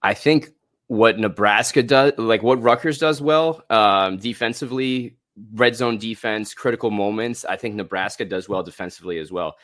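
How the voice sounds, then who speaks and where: A low-voiced man gives sports analysis on a podcast. He speaks in a measured way, with some halting and filler words. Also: fairly bright tone. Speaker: sports reporter and co-host.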